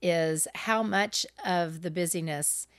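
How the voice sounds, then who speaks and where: A middle-aged woman co-hosting a podcast, telling personal stories candidly, animated and self-deprecating, often laughing at herself. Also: lowish voice, slow pace, clear, resonant tone, no echo, clean studio sound. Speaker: podcast co-host. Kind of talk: candid conversational storytelling.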